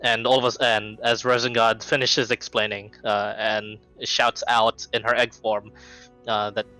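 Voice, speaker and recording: A man's voice: lowish voice, little pitch movement, unhurried, bright, forceful tone, faint music behind, rough recording. A man narrating as game master of a tabletop game, rambling with many ums and restarts.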